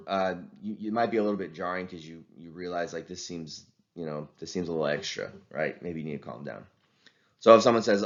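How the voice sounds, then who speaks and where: A deep-voiced man gives a relaxed, conversational lecture to his class. He talks through ideas with plenty of fillers and restarts. The recording sounds slightly dull.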